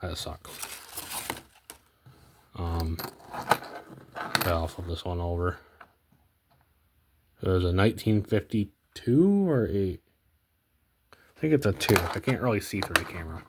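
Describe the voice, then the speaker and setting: A very deep-voiced young man talks through what he is sorting in an easygoing, unscripted way. He hesitates, restarts his sentences and fills pauses with ums. His phrases often sink to a low mumble at the end. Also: animated, a little hiss or hum. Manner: rambling, hesitant, many ums and self-corrections; low-key, trails off quietly at phrase ends. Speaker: coin collecting vlogger. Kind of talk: casual unscripted commentary while sorting coins.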